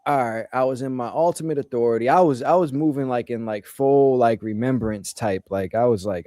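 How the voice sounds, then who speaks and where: A man's voice: medium pitch, brisk, few pauses, warm tone, no echo. Earnest man, dry close sound. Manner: earnest, advising, repeats his points. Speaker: host. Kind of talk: casual spiritual discussion.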